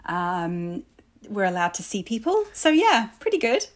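A woman from Melbourne with an Australian accent softened by twenty years in London, a guest author talking in a rambling way with frequent laughs. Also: medium pitch, big pitch swings, unhurried. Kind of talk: podcast interview.

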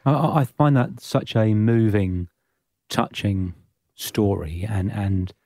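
Soft-spoken male podcast host. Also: on the low side, slow pace, dry recording, studio quality. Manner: moved, stammering, gentle. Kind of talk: podcast interview.

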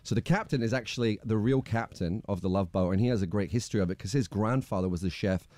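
A man with a fairly low voice speaks quickly as a guest on a radio show, chatting casually in a studio and telling cheeky, jokey, animated stories. He is a TV host, and the recording is dry.

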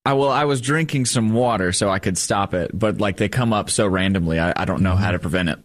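Young college student, deep voice, hiccups. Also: male voice, fast talker, no echo. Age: young adult. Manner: polite, filler-heavy.

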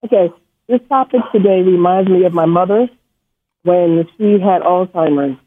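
A caller from New York phones a radio program to share a family story, his high-pitched voice at a normal speed. The line sounds tinny, and he stumbles over words and rambles as emotion takes hold.

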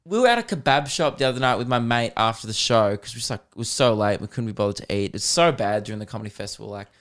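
An Australian man hosting a podcast, chatting casually and telling rambling stories with laughs and quick mimicry. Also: lowish voice, animated, fairly bright tone. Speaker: podcast host and comedian. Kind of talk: casual chat.

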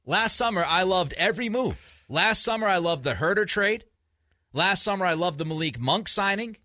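A man's voice: high-pitched, lively intonation, normal speed, sharp tone, no echo, clean studio sound. A man hosting a sports talk radio show, emphatic and grumpy from too little sleep, often restarting his sentences. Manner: emphatic, repeats himself in restarts.

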